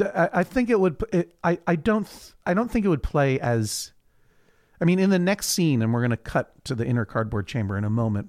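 A man's voice: mid-range voice, gravelly, dry recording, studio quality. A man co-hosting a podcast, recapping a TV series in casual chat and acting out the characters' lines. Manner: animated, acts out characters in quoted voices. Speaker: podcast co-host.

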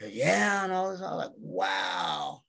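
A man's voice: high-pitched, normal speed. A man in casual chat, telling rambling stories and acting out what people said. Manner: rambling storyteller, acts out quotes. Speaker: podcast guest.

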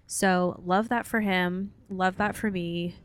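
A woman's voice: lowish voice, steady tone, takes it slowly. A woman co-hosting a casual podcast, talking in a candid, chatty, easygoing way. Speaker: podcast co-host. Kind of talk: casual chat.

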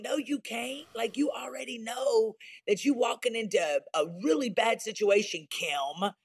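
A woman's voice: a little high, sing-song, measured pace, creaky, hardly any pauses, husky. A woman with a Southern US drawl talks candidly as a guest on an interview show. She is a pastor, and her delivery is emphatic and folksy, like someone used to preaching.

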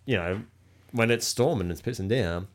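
A middle-aged man, a former airline pilot, chatting as a podcast guest and explaining things in a calm, measured way. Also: fairly low pitch. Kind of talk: casual podcast chat.

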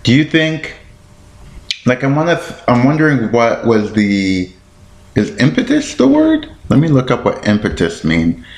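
Man, podcast host, slow, low-ish voice, rambling, self-deprecating, echoey room. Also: very animated, vocal fry, darkish tone. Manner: rambling, thinks aloud while looking things up online; self-deprecating, stumbles over words. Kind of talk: casual solo podcast talk.

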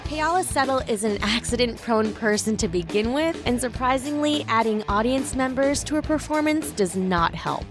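A woman hosting a podcast, introducing guests and reacting with quick interjections. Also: fairly high pitch, lively intonation, over music. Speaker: podcast host.

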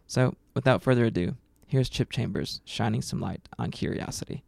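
A man hosting a show, narrating a scripted segment in a wry, measured way. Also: medium pitch, vocal fry, darkish tone, dry recording. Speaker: podcast host.

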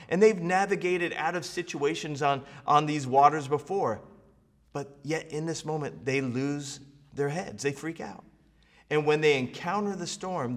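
A man preaching a sermon as pastor, building momentum with rhetorical questions and repetition. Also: medium pitch. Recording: long reverb of a large hall.

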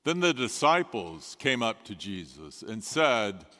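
A man preaching a sermon as a pastor, telling the story in a measured way with dramatic pauses. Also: on the low side, sing-song, sharp tone. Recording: long reverb of a large hall.

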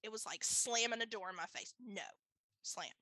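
A chatty woman with a bright, slightly high voice talks through a personal story in a relaxed interview, laughing easily and leaning on fillers. The recording is close and dry, with no room sound. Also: fast, no echo, low-quality recording. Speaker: guest.

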